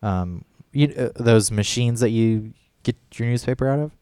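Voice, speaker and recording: A man's voice: mid-range voice, normal speed, mellow, clear, resonant tone, dry recording, studio quality. A man telling a story in a casual podcast chat, rambling and swearing often. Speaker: podcast co-host.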